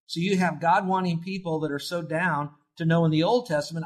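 A middle-aged man, a pastor preaching a sermon in an earnest way, whose voice climbs higher and louder when he quotes scripture. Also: steady tone, fairly quick, few pauses, poor audio. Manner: earnest, rises in pitch and force when quoting scripture.

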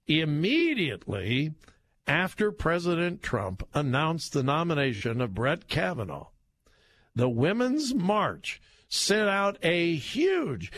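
On a studio microphone in a radio studio, a male talk show host delivers political commentary, mocking and laughing as he stretches words for emphasis. His voice is on the high side and a bit bright, with no echo.

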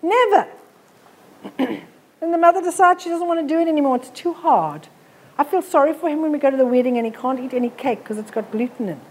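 A woman's voice: high-pitched, animated, brisk, darkish tone. A middle-aged woman, giving a blunt, forthright live health talk to an audience on a handheld mic. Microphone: handheld microphone.

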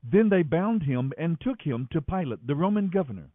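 A man doing a daily Bible reading in an expressive, dramatic manner. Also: fairly high pitch, moderate pace, no echo. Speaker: scripture reader. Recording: thin phone-like sound, dry.

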